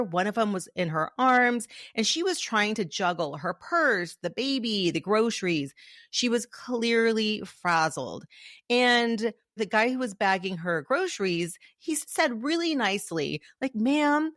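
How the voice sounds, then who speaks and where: Woman podcast host chatting solo, pitch jumps all over, calls you love, dry close sound. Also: unhurried, no room sound. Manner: addresses listener as "love", animated storytelling.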